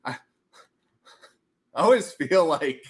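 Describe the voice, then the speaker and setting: A man hosting a casual livestream at home, running prize wheel spins in a goofy, animated way and slipping into silly voices. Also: on the high side, takes it slowly. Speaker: livestream host running giveaways.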